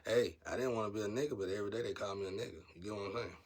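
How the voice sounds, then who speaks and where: A man giving a casual spiritual monologue, rambling and blunt, turning preachy and loud when heated. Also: on the low side, very fast.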